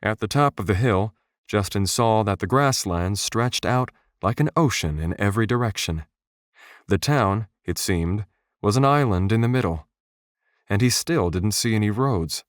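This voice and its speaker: A man reading a fantasy audiobook as its narrator, with a steady, measured delivery. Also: on the low side, no echo. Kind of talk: scripted narration. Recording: dry, close studio voice.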